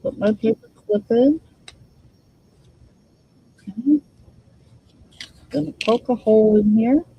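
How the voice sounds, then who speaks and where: A woman's voice: a little high, slow pace, creaky, pauses often, dull audio, a little hiss or hum. A woman hosting a casual crafting demo, thinking aloud and chatting to her viewers while she works. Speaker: crafting channel host.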